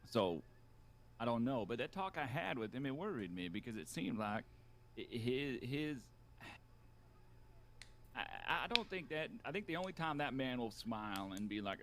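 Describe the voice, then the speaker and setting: A man voicing a weary, reflective aging outlaw in a western roleplay game. He muses in halting speech with many restarts. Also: medium pitch, expressive, a bit bright, a little hiss or hum. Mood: brooding. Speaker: roleplay player.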